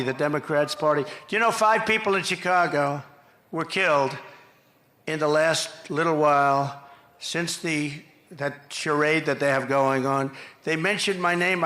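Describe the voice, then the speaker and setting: A man with a slightly high, bright, forceful voice speaks outdoors into a podium mic at a campaign rally, rambling, repeating himself and throwing in mocking asides. The rally PA makes the sound echoey.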